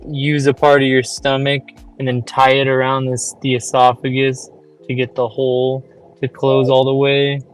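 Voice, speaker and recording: Chill guy with a smooth clear voice just chatting, faint music behind. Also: mid-range voice, monotone, normal speed. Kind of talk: casual chat.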